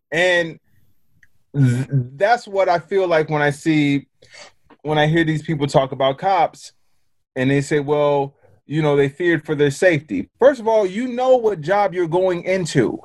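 A man's voice: on the high side, normal speed, no echo. A man who is a comedian, making a point in casual talk and building it through a hypothetical. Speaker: comedian, co-host. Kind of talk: casual podcast chat.

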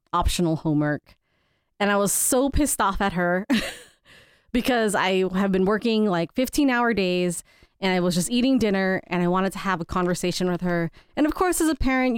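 A woman's voice: medium pitch, clear, resonant tone, dry recording, clean studio sound. A woman in her thirties, co-hosting a podcast and telling a family story in a candid, casual way, laughing now and then. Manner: candid, laughs between stories, quotes people in changed voices. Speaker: podcast co-host.

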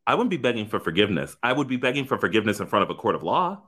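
Low-voiced, emphatic male podcast co-host. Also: racing, background noise. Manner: animated, emphatic, profane. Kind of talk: casual chat.

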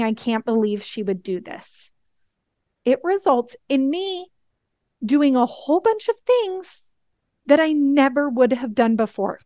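A woman's voice: high voice, no room sound. A woman giving a coaching lesson, talking straight to her listeners and often checking in with "okay?" and "right?". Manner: talks directly to listeners, repeating "okay?" and "right?". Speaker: life coach.

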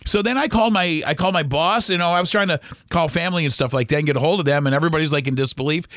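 A middle-aged man, a podcast host and former radio DJ, telling a story in a halting, rambling way with many restarts. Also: fairly high pitch, a bit bright, no room sound, clean studio sound. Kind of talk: casual storytelling monologue.

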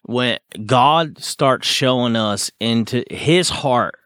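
A man chatting casually as a podcast host. He talks in an earnest, relaxed way and often says "dude". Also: medium pitch, takes it slowly, clear, resonant tone, no echo, studio quality. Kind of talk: casual chat.

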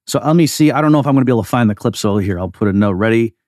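A man's voice: medium pitch, animated, very fast, darkish tone, no room sound, clean studio sound. A man hosting a podcast, giving casual solo commentary in an emphatic, conversational way with frequent asides. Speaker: podcast host.

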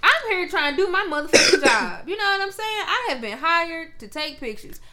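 A woman chats on a casual podcast, swearing freely and acting out quoted lines. Her voice sits high and sounds bright and sharp. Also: big pitch swings, a little fast. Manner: brash, profane storyteller acting out quotes. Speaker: podcast co-host. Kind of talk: casual chat.

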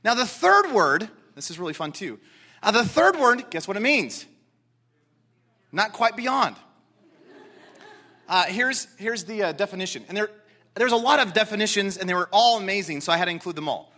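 High, lively, bright-voiced male preacher. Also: normal speed, long pauses. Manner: animated, emphatic preaching with repetition; excitable, talks directly to congregation. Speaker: pastor. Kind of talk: sermon.

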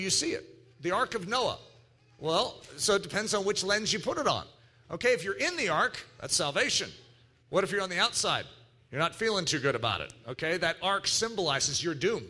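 A man preaching a sermon, emphatic and animated, acting out little quoted voices as he teaches. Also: sits high, breathy edge. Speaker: pastor.

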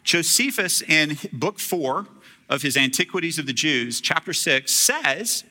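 A man's voice: a little high, expressive, a little slow, bright, forceful tone. A man preaching a sermon as a pastor, retelling a scripture story in casual, humorous storytelling.

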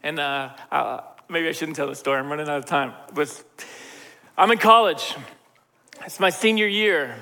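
A middle-aged male pastor preaching in a large church hall, his voice pitched high and bright, with a long reverb trailing his words. He talks casually and jokes, slipping into the voices of people he quotes. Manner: conversational and joking, acts out quoted voices. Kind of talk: sermon.

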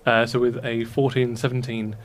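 A man's voice: medium pitch, moderate pace, slight background noise. A man running a tabletop game as game master, narrating loosely with many fillers. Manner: relaxed, hesitant with fillers.

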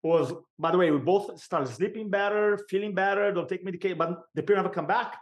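Animated man telling a story. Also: sits high, lo-fi sound. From Brazil. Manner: animated, emphatic storyteller with vivid pauses. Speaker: podcast guest. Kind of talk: personal storytelling.

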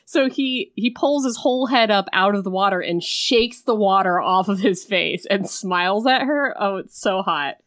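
A woman co-hosting a podcast in casual chat, recapping a film and acting out quick bits of its dialogue. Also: mid-range voice, fairly bright tone, dry recording, studio quality. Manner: chatty, retells scenes with quick acted-out quotes.

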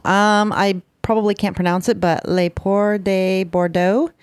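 A woman's voice: medium pitch, little pitch movement, a little slow, clean tone, no echo, clean studio sound. A woman co-hosting a casual podcast over drinks, easygoing and a little hesitant. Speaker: podcast co-host.

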